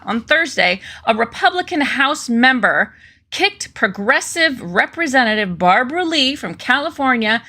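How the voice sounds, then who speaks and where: A woman's voice: a little high, gravelly, sharp tone. A woman hosting a casual political commentary stream, reading news aloud with sarcastic, chatty asides to her viewers.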